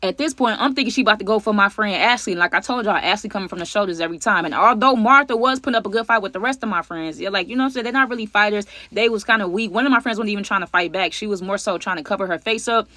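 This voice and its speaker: Fast-talking woman telling a story. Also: mid-range voice, dry recording. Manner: animated slang-heavy storytelling, addresses viewers as y'all. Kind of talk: casual storytime vlog.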